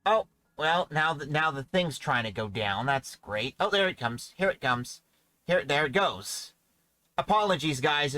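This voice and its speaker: A man's voice: mid-range voice, sharp tone, no room sound, poor audio. A man hosting a casual livestream podcast, talking in a rambling, chatty way. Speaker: podcast host.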